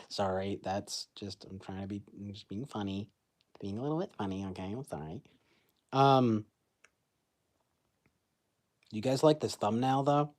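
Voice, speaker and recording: A young man talks casually to his stream through a phone mic, his voice sitting at an ordinary middle pitch. He rambles, piles up fillers and restarts, and keeps breaking into laughter at his own jokes. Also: lively intonation, normal speed, long pauses, a little mellow. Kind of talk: casual livestream chat.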